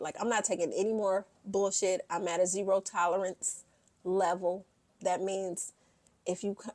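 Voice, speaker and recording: A woman's voice: mid-range voice, darkish tone, dry recording. A woman recapping a reality show in a brash, sassy way. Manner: brash and sassy, quoting the cast in bursts.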